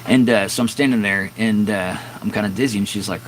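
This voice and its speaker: Deep-voiced man in his fifties, rambling. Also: brisk, a little hiss or hum, rough recording. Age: 50s. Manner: rambling, candid, with many fillers and restarts. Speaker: live streamer and musician. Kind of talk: casual storytelling on a live stream. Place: home garage with door open at dusk.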